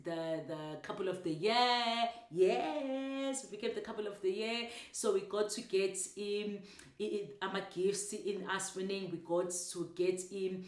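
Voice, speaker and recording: A woman with a South African accent and a somewhat low voice shares a personal testimony of faith, speaking emotionally and repeating herself often. She mixes in isiZulu words, and the recording is reverberant.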